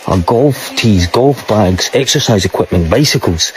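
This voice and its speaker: A man walks through a large store, narrating excitedly and laughing often. His voice sits fairly low. A clear store ambience runs behind him. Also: unhurried, few pauses, slight background noise. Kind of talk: walk-around vlog.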